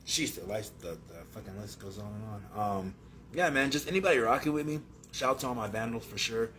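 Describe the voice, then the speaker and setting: A low-voiced man talks in a relaxed, easygoing way on a radio chat, reeling off names. A faint noise sits behind his voice. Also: brisk. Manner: laid-back, lists shout-outs.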